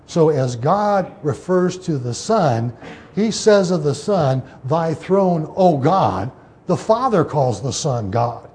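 A man's voice: on the high side, very animated, slow pace, a little mellow, slight background noise. A man teaching an informal Bible study, explaining scripture in a loose way with many fillers and restarts.

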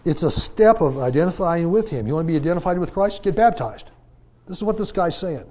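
Animated man preaching on baptism. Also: on the high side, a little fast. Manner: animated, rhetorical questions, emphatic swings in loudness. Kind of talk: conversational Bible class teaching.

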